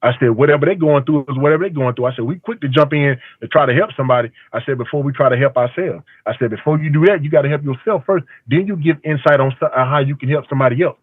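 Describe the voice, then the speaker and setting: A barber calls in to give testimony, his slightly high voice quick with few pauses and no room sound, carried over a tinny, dry phone line. He recounts stories emphatically, quoting back his own exchanges.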